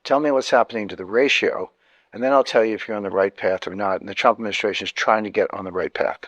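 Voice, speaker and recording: A man's voice: fairly low pitch, fast talker, a bit bright, no room sound, highs cut off. A man, a guest in an interview, explaining economics emphatically, repeating key points and often restarting sentences.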